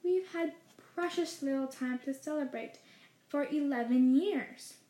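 A wise old wizard headmaster, genial and lightly playful, read by a woman with a high voice. His calm, amused lines sit in a roomy, echoing space, from a storybook reading. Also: measured pace. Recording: roomy echo.

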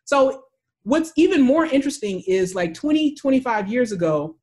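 A woman from the United States telling a travel story in casual chat, animated and acting out the voices of the people in it. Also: high voice, moderate pace.

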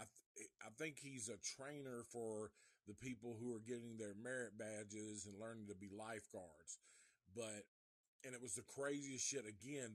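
A man's voice: mid-range voice, dry recording. A man hosting a podcast, casually retelling a film in a rambling, profanity-heavy way. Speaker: podcast host.

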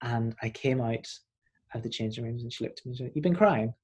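A man's voice: mid-range voice, quick pace, husky. A young man in his twenties with a Northern Irish accent, telling stories as a performer guest in a casual interview. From Northern Ireland. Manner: animated, rambling storyteller.

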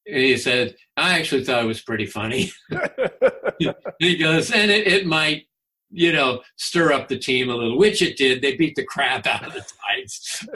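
Animated man in his sixties, guest storyteller, with a forceful, slightly raspy voice. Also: medium pitch. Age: 60s. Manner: chatty, animated, laughs often. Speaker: guest, former baseball announcer. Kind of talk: casual anecdotal storytelling.

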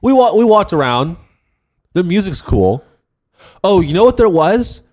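Male co-host, casual chat, rambling and swearing, animated intonation. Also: high-pitched, a little slow. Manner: rambling storyteller, swears, restarts a lot. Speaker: podcast co-host.

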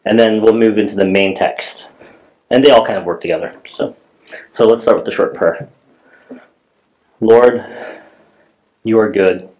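A man's voice: on the low side, brisk, darkish tone, rough recording. A middle-aged man, a pastor, preaching a sermon in a church in a conversational storytelling way, with many fillers and restarts.

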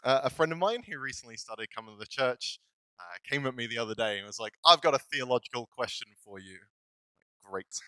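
A man's voice: medium pitch, expressive, fairly quick, sharp tone, smooth, no echo, poor audio. A male pastor giving a casual, self-deprecating sermon, laughing often as he talks. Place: church.

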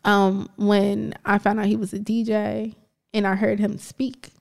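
A woman's voice: mid-range voice, level tone, measured pace, gravelly. A woman co-hosting a podcast, talking bluntly in casual chat and laughing often. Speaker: podcast co-host.

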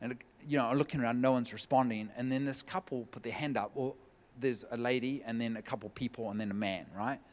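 A man preaching a sermon, telling a personal story in a lively way and acting out the voices of the people in it, at a church meeting. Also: mid-range voice, quick pace, few pauses. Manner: lively, acts out quoted voices. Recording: long hall reverb.

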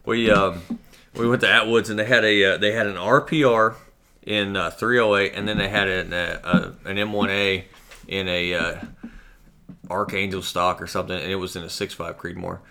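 Low voiced guy on a podcast, punchy bright tone, animated storytelling. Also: moderate pace, creaky. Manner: animated anecdotes, mimics people he quotes. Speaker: podcast co-host. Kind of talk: casual storytelling chat.

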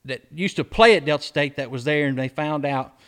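A man's voice: fairly high pitch, a little fast, fairly bright tone, clean tone. Folksy man telling stories. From Mississippi, US. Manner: rambling and folksy, with restarts and acted-out quotes. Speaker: podcast co-host. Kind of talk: casual storytelling chat.

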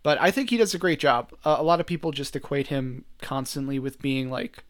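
A man's voice: mid-range voice, expressive, a little fast. A man co-hosting a casual movie review chat, talking loosely with lots of "like" and restarts. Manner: chatty, full of "like" and restarts. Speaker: podcast co-host.

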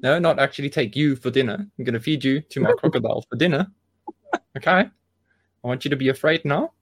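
A man's voice: medium pitch, lively intonation, fast, no echo. A man voicing a hammy male swamp villain who threatens to feed people to his crocodile, rambling with goofy menace. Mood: mock menacing.

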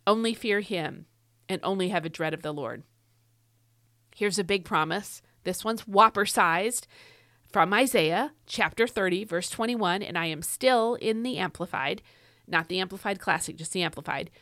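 A woman's voice: mid-range voice, normal speed, fairly bright tone, no echo. A woman hosting a devotional podcast, teaching Scripture in an earnest, emphatic way and repeating her key phrases. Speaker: podcast host.

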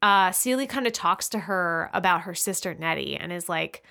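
Bright-voiced woman on a podcast. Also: fairly low pitch, normal speed, creaky, few pauses. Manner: conversational, chimes in to finish the other host's thoughts. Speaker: podcast co-host. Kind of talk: casual chat.

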